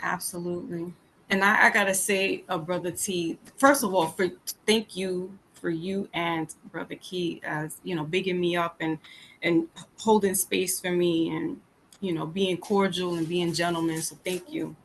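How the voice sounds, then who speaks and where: A woman in casual podcast talk, calm and measured, often affirming the other speaker. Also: lowish voice, a little hiss or hum. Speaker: podcast guest. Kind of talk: casual chat.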